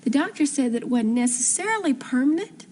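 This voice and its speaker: A chirpy doting young wife. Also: female voice, high voice, animated, brisk, darkish tone, slight background noise. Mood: soothing. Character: sweet, upbeat young wife and aspiring country singer. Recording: 1970s TV soap audio.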